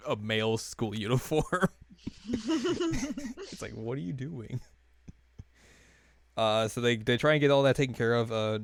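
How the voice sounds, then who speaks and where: Young guy rambling through an anime recap, smooth clear voice, dry close sound. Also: fairly low pitch, no room sound. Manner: rambling, many fillers, laughs while retelling scenes. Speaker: podcast co-host recapping an anime episode. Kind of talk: casual recap chat.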